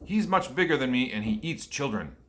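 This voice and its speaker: A man's voice: medium pitch, lively intonation, fairly quick, fairly bright tone, natural voice. A man voicing the giant's wife, a stern but kindly woman who scolds in a matter-of-fact way. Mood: scolding.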